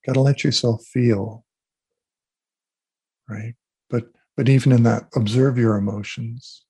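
Gravelly husky man telling stories. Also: medium pitch, measured pace. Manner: animated storyteller, acts out quotes. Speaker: guest, energy healer. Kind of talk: casual interview talk.

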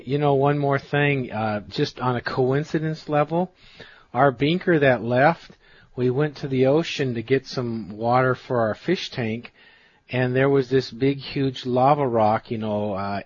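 A man's voice: medium pitch, slow pace, slightly rough, no room sound, muffled recording. A man co-hosting a chat, asking questions and reassuring the guest. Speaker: co-host. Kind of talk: casual chat.

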